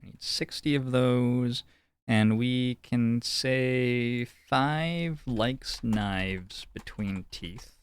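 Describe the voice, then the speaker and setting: A man's voice: mid-range voice, extremely slow, clear, resonant tone, dry recording. A man streaming a detective game, thinking aloud in a playful, joking way as he comments on what he finds. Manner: playful, jokey musing aloud. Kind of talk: casual gameplay commentary.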